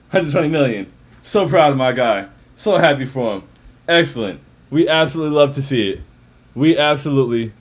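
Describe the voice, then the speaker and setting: A man hosting a livestream in casual, slangy chat, repeating phrases as he talks. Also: mid-range voice. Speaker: livestream host.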